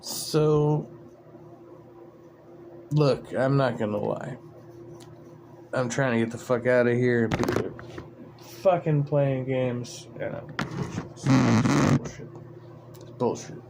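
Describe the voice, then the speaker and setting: A man's voice: mid-range voice, takes it slowly, long pauses, darkish tone, slight background noise. A man hosting a livestream, ranting in an irritated, profane, sarcastic way. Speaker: livestream host. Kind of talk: casual livestream rant.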